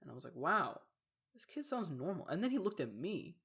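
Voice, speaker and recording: A man's voice: on the high side, sing-song, a little fast, gravelly, fairly bright tone, slightly rough. A young man co-hosting a podcast, telling a story in a rambling, casual way with lots of fillers and restarts. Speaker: podcast co-host. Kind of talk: casual chat.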